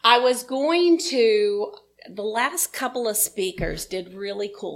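A woman's voice: medium pitch, slow pace. A woman minister giving a sermon in a chatty, informal, self-deprecating way.

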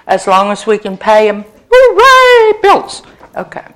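A woman giving a gentle, conversational inspirational talk to a congregation. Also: mid-range voice, little pitch movement. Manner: gentle, unhurried, conversational with fillers. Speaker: spiritual speaker.

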